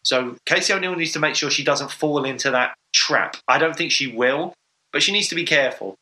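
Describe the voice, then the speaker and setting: A man's voice: a little high, fairly quick, bright, forceful tone, rough recording. A man co-hosting a podcast, chatting casually and enthusiastically with lots of fillers. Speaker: podcast co-host. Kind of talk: casual sports chat.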